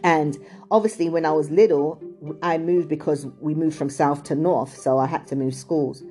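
A woman's voice: deep voice, fairly even intonation, moderate pace, dark tone, faint music behind. A middle-aged British woman raised in England and Chicago, telling a casual, digressive childhood story full of "like" and "you know". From England, also raised in Chicago.

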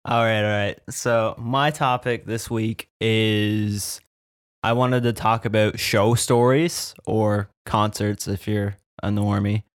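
Slow, low-voiced podcast guy. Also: level tone, clean tone, dry recording, studio quality. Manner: halting, teasing. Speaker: podcast co-host. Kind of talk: casual chat.

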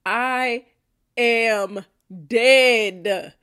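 A woman's voice: a little high, extremely slow, fairly bright tone, clear, resonant tone. A woman hosting a podcast, reacting bluntly and profanely to listener answers, often laughing. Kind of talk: casual reaction chat.

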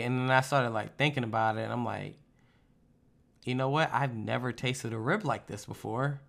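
A young man tells stories in casual, profane chat. His voice is gravelly with a bright, forceful edge. He acts out the lines of the people in his stories with animated energy. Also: medium pitch, moderate pace. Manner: animated, profane storytelling with lively put-on quotes.

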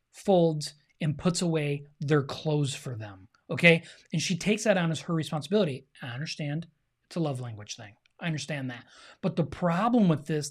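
A middle-aged man co-hosting a podcast in casual chat, earnest and opinionated, talking straight to the listeners. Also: on the high side. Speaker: podcast co-host.

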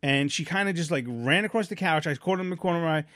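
Speaking very fast in a fairly high, slightly bright voice, this podcast co-host comes through clean, studio-quality and echo-free. A father of little kids, he rambles through blunt family stories with plenty of fillers, restarts and offhand cursing.

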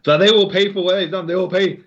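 Higher-pitched man on a dull recording. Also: fast talker. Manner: excitable, laughs a lot, acts out lines. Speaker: podcast co-host. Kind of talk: casual chat.

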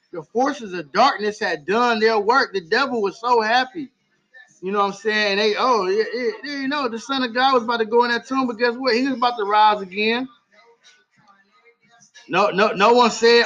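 A man delivers an impassioned sermon on a home livestream. His voice sits unusually high as he repeats lines for emphasis. The audio sounds dull and lo-fi. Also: a bit bright. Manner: impassioned, repetitive preaching in vernacular English. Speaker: livestream preacher.

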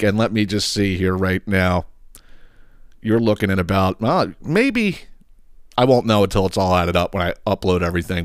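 A man hosting his own podcast in a casual, ranting way. His voice sits low and his delivery is blunt, profane and exasperated. The sound is dry and close, with no room around it. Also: no echo. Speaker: podcast host.

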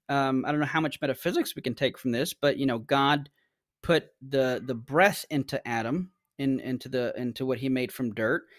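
Male guest on a talk podcast, slightly high voice, explains with plain examples, casual tone. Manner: explanatory, uses everyday examples. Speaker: guest apologist.

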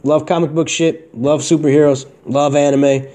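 A man's voice: on the high side, level tone, normal speed, dark tone. A young man hosting his own podcast, telling a personal story in a casual, rambling way, full of slang and swearing. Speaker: podcast host.

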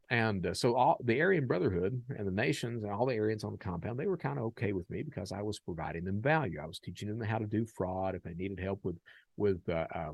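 A man from the United States hosting a podcast, telling a story in a casual, animated and profane way and acting out the dialogue. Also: fairly low pitch, no echo. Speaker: podcast host.

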